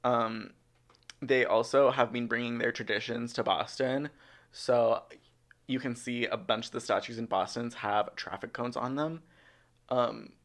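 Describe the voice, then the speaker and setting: A man's voice: mid-range voice, steady tone, a little slow, fairly bright tone. A young man co-hosting a podcast in casual chat, rambling and chatty with lots of ums. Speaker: podcast co-host. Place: podcast studio.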